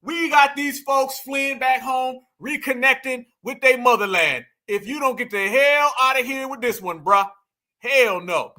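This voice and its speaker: A man's voice: very high-pitched, unhurried, sharp tone. A man hosting a commentary show, ranting in a mocking, emphatic way and addressing his viewers directly. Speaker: commentary host. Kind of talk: heated commentary monologue.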